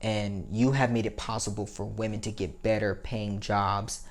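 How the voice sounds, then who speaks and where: A young man talking to camera in a casual, rambling and profane vlog monologue, his voice climbing high when he gets worked up. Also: level tone, moderate pace. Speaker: vlogger.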